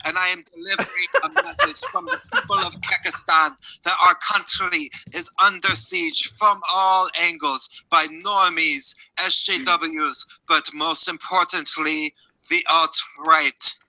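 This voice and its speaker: A man's voice: on the high side, a little slow, bright, forceful tone, no room sound, poor audio. A man voicing a self-proclaimed prince of a made-up meme nation, making grandiose proclamations in a comic invented foreign accent. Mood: solemn. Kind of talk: comic video monologue.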